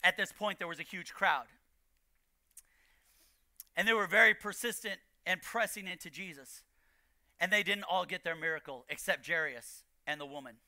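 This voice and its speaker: A man preaching a sermon as pastor, building to shouted emphasis and repeating key lines. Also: high voice, moderate pace, pauses often, no room sound, studio quality. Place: church.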